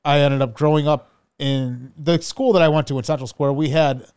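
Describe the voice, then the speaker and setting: A man being interviewed as a guitarist, talking in a relaxed, easygoing way. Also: on the high side, moderate pace, clear, resonant tone, no room sound, clean studio sound. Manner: relaxed, easygoing, with light swearing. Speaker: guest guitarist. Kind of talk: casual interview chat.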